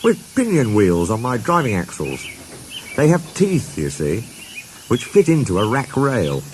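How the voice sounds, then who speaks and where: A man voicing a small, modest male mountain engine who talks gently and earnestly. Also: mid-range voice, wildly swooping pitch, unhurried, slight background noise. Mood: gentle.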